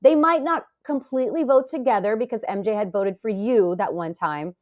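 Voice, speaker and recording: A woman in her forties, a podcast guest, talking casually and telling stories with lively acted-out quotes. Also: a little high, normal speed, muffled recording. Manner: animated storytelling, acts out quoted voices. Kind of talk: casual interview talk.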